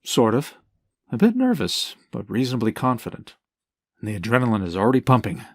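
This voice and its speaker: A man's voice: mid-range voice, wildly swooping pitch, fairly quick, dry recording. An actor reading a wealthy man who plays poker with the devil, wry and a bit nervous. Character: bored wealthy man gambling his soul, nervous but confident. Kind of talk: table read of a screenplay.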